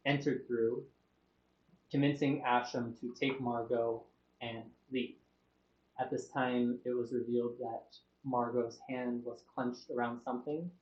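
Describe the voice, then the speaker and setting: A man at middle pitch recaps the last tabletop session as game master, pausing often with ums and uhs. His voice comes through a muffled online call with a roomy echo around it. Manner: halting, with many fillers.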